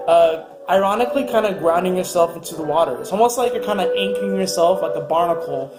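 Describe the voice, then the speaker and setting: High-voiced chatty man reading horoscopes. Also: quick pace, echoey room, loud music behind the voice. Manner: rambling, chatty, upbeat with fillers. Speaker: astrology reader. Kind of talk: casual weekly horoscope reading.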